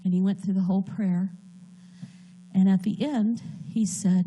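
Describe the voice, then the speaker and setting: Slow, earnest woman in her sixties. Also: mid-range voice, fairly even intonation, mellow, slight background noise, low-quality recording. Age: 60s. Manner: earnest, heartfelt storytelling. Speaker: church member giving a testimony. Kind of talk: personal testimony. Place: church.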